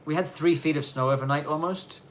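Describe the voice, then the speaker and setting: A man's voice: fairly high pitch, brisk, fairly bright tone, slight background noise. A man hosting a live question-and-answer stream, chatting loosely with lots of fillers and restarts. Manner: loose, rambling, many fillers. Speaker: livestream host. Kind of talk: casual live Q&A chat. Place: snowy countryside in Japan.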